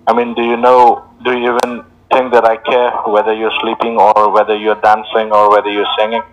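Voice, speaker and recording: A man's voice: on the low side, monotone, fairly quick, slight background noise, rough recording. A man with an Indian accent on a scam call, blunt and combative, swearing back at the caller.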